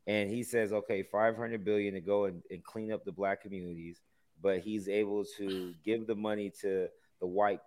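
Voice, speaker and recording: Lower-voiced man thinking aloud, sarcastic. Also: steady tone, moderate pace, a little mellow. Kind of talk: casual group discussion.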